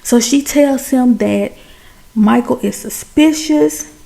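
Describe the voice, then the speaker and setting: A woman giving a chatty, animated recap of a TV drama, talking straight to her viewers. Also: high-pitched, takes it slowly, creaky. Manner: chatty, addresses viewers as y'all and baby; animated, exclaims over plot twists. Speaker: TV show recapper.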